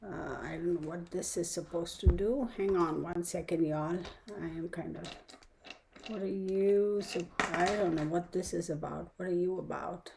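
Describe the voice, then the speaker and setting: A woman with a fairly low, creaky voice hosts a casual livestream from home on her phone, speaking at a moderate pace over background noise. She's chatty and mutters to herself while fiddling with the setup.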